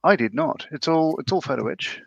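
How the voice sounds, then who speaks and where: A man's voice: a little high, expressive, a little fast, vocal fry, slightly rough, no echo, highs cut off. A man co-hosting a casual livestream, rambling as he explains his model build with many fillers. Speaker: co-host, scale modeller.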